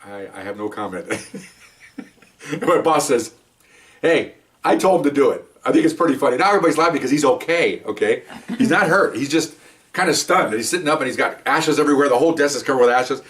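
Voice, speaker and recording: An older man, a retired police officer, telling stories in a casual, animated way, often checking in with "okay?" and restarting his sentences. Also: medium pitch, fast, far from the mic. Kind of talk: casual anecdotal storytelling.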